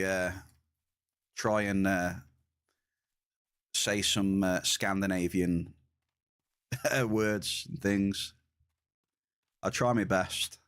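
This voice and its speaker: A man's voice: deep voice, a bit bright, clean tone. A man live-streaming a game, chatting casually and laughing at his own attempts to pronounce words. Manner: laid-back, chatty, laughs at own pronunciation.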